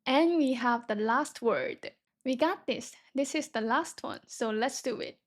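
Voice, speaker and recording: A woman's voice: high voice, measured pace. A young woman teaching a beginner Korean reading lesson, patiently sounding words out syllable by syllable.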